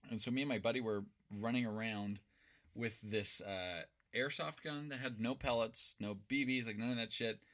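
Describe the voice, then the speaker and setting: This young podcast co-host from Boise, Idaho, speaks at a moderate pace in a medium-pitched, fairly bright voice. He rambles through stories in a relaxed, casual conversation packed with cursing and laughter.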